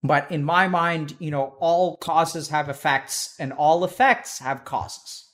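A man with a somewhat high voice talks through advice in a loose, conversational way. He is blunt and swears freely, and he acts out the people in the stories he tells. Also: takes it slowly, fairly bright tone. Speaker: host giving advice.

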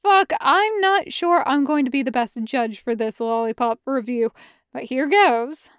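A woman's voice: high voice, measured pace, a bit bright, clear, resonant tone, no echo, studio quality. A woman voicing a cocky young man who vlogs candy reviews, wry and swearing casually. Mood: cheeky.

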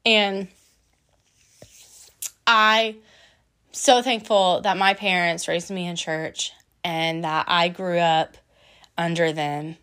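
A young woman talking earnestly and casually about her faith, chatty and quick to laugh. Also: lowish voice, steady tone, bright, forceful tone. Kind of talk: casual personal faith testimony.

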